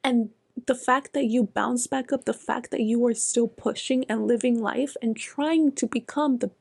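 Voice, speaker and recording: A young woman talking through a self-help podcast episode in an earnest, frank way, cursing freely and sometimes slipping into a whisper to stress a point. Her voice sits a little high yet sounds mellow and gravelly. The recording is dry, with no room sound. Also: steady tone, moderate pace, no room sound. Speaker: podcast host.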